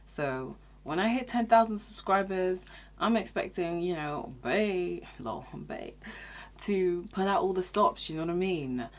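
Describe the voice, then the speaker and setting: A woman's voice: fairly low pitch, lively intonation, measured pace. A young woman giving frank, chatty dating advice in a casual vlog. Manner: chatty, frank, often asks "okay?". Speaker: YouTuber.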